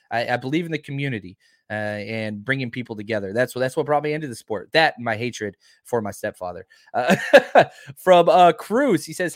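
Energetic man hosting a chatty stream. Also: medium pitch, no echo, studio quality. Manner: energetic, emphatic, reads viewer comments. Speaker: podcast host. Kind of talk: casual live-stream chat.

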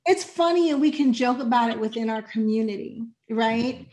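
A woman's voice: fairly high pitch, moderate pace, a little mellow. A woman hosting a podcast, casual and outspoken, joking with her guests. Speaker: podcast host. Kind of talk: casual chat.

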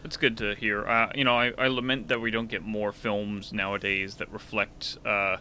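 A man's voice: lowish voice, little pitch movement, normal speed, pushed and bright, a little hiss or hum. A man co-hosting a podcast in a casual film talk, thoughtful, with many restarts. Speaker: podcast co-host.

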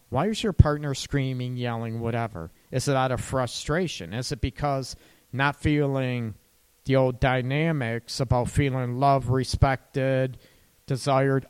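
A man's voice: medium pitch, clear, resonant tone. A man who works as a couples therapist, giving relationship advice in a conversational way and often checking in with "right?". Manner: slow, conversational, tags lines with "right?".

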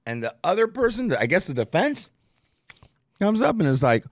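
A profane, slang-heavy man recounting his story on a podcast. His pitch swings in a lively way, and he sounds close and dry. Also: normal speed, no echo. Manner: profane, animated, street slang. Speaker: storyteller guest.

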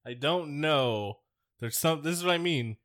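A man's voice: fairly high pitch, expressive, unhurried, a bit bright. A man co-hosting a podcast in casual chat, crude and rambling, joking as he goes. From United States. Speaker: podcast co-host.

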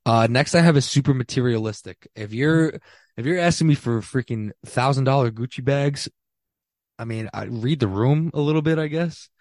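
A man's voice: mid-range voice, a little mellow, no room sound, studio quality. A man in his twenties hosting a casual solo podcast, talking bluntly and emphatically in slangy everyday speech with frequent restarts. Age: 20s. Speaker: podcast host. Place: small apartment.

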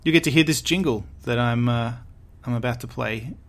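A man's voice: mid-range voice, a little fast. An Australian man hosting a podcast in casual chat, laughing easily and often restarting his sentences. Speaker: podcast host.

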